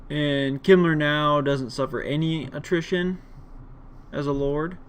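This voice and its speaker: A man's voice: on the high side, steady tone, measured pace, clean tone. A man hosting a casual gameplay commentary video, rambling with many fillers. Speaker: gaming video host.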